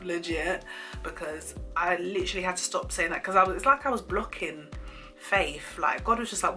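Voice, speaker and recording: A young woman telling a personal story to camera in casual chat, animated and laughing often as she acts out quoted lines. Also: fairly low pitch, moderate pace, soft background music. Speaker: vlogger.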